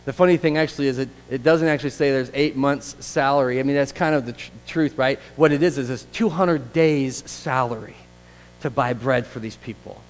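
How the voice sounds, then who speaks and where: Male preacher, chatty and animated sermon delivery, slightly higher voice, long hall reverb. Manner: conversational, animated, acts out quoted voices. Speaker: pastor.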